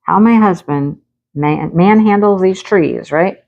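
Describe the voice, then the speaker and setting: A woman craft vlogger at her rural home, telling a lively anecdote in a casual chat, often laughing. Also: lowish voice, slow, vocal fry, dull audio.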